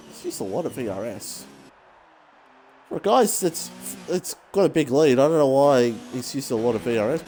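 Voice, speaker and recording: A man commentating a sim racing league race, excitable and self-deprecating, his voice jumping high when battles get close. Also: a little hiss or hum.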